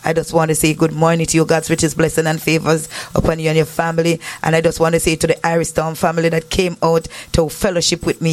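A Jamaican man with a fairly high voice hosts an online church stream, greeting his viewers warmly in a casual, repetitive way. The sound is dry and close, with no room echo. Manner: repetitive, affirming yes yes, church talk. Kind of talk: casual greetings and shout-outs.

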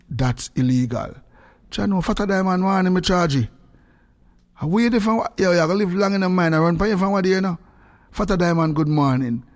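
A man hosts a casual radio chat, telling animated stories in patois. His voice sits a little higher than most men's and leaps up in bursts of excitement. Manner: animated storytelling with sudden high-pitched outbursts. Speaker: radio host.

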